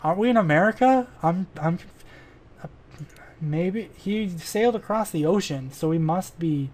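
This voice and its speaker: A man's voice: sits high, lively intonation, normal speed, a little mellow. Rambling self-deprecating gamer guy. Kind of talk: casual let's-play commentary.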